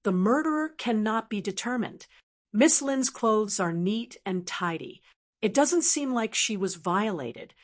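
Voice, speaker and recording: A woman reading a soft-spoken messenger man. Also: mid-range voice, expressive, a little slow. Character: quiet black-clothed male messenger.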